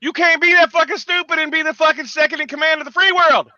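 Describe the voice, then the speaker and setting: A man hosting a morning livestream, swearing through angry, shouting tirades. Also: extremely high pitch, fairly even intonation, fast, dry recording, lo-fi sound. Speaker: host. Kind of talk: profane morning livestream rant.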